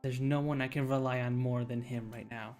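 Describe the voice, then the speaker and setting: A man streaming a visual novel, reading its narration aloud at a mid pitch in a relaxed, casual way. He often restarts phrases and stumbles over words as he reads. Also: brisk, soft background music.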